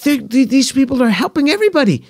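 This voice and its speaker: A shrill, incredulous older New York Jewish mother, as a man puts her on, scolding with much more pitch and force than his usual voice. The voice keeps its gravelly, husky grain, recorded close and dry. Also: very animated, fast talker, a little mellow, no echo, full character voice. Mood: indignant.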